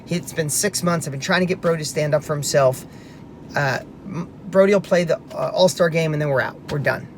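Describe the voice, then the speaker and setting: A man's voice: fairly high pitch, fairly quick, slight background noise. A man hosting a motivational talk, telling a personal story earnestly and emphatically, restarting his sentences now and then. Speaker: host.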